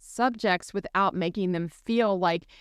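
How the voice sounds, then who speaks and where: A woman co-hosting a Christian podcast, chatting warmly and telling stories while acting out the voices she quotes. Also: mid-range voice, a little slow, smooth, no echo, clean studio sound. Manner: animated storyteller, acts out quoted voices. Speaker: podcast co-host. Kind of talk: casual faith podcast chat.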